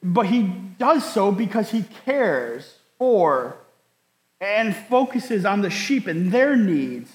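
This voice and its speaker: A man's voice: sits high, sing-song, takes it slowly. A man preaching a sermon as pastor, in an earnest way that repeats words and keeps asking "right?". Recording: echoey hall, long reverb.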